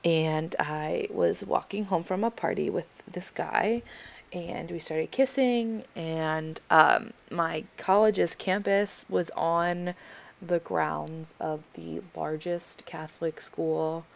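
A young American woman answering listener questions in a casual chat, late at night and tired, pausing often with ums and likes. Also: deep voice, fairly even intonation, creaky. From United States. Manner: hesitant, full of ums and likes.

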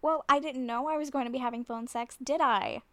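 Flustered woman in an audio role-play, nervous and self-conscious, with a fairly high voice and a dry, close sound. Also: fairly even intonation, brisk, fairly bright tone, dry recording. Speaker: nervous woman talking to a friend on the phone.

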